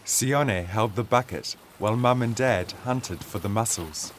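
A man's voice: fairly low pitch, slight background noise. A man reading a children's story aloud as narrator. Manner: slow, animated storytelling.

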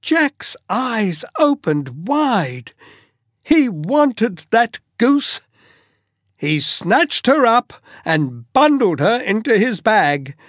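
A storyteller reading a children's tale aloud, slow and expressive with dramatic pauses. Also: mid-range voice, no echo, clean studio sound.

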